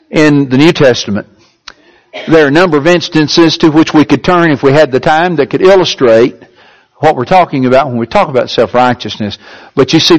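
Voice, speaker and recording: A man with a notably high voice delivers a sermon. He leans hard on key words and slows down to stretch them out. When he reads a passage aloud his voice rises even further. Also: poor audio. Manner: emphatic, drawn-out stresses on key words; reads a definition aloud in a higher, lifted voice. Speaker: preacher.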